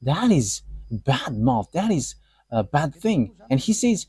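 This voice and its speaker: A man preaching a live sermon, talking in short, halting, broken phrases. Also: medium pitch, very animated, mellow, breathy edge.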